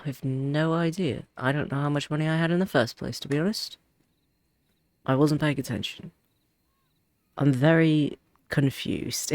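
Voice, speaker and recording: Gravelly guy streamer, chatty, rambly, dry close mic. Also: a little high, darkish tone, no echo. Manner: rambling storytelling with restarts and giggles. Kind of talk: casual game-stream chat.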